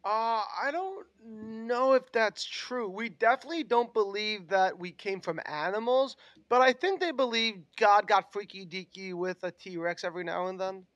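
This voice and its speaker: A man's voice: sits high, normal speed, a bit bright. A young man co-hosting a casual chat, joking and laughing often. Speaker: podcast co-host.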